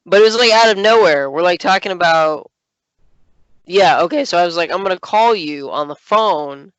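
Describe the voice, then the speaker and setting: A man's voice: sits high, animated, normal speed, a bit bright, clean tone, dry recording, lo-fi sound. A man co-hosting a podcast, chatting casually and telling stories animatedly, with many fillers. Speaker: podcast co-host. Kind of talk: casual chat.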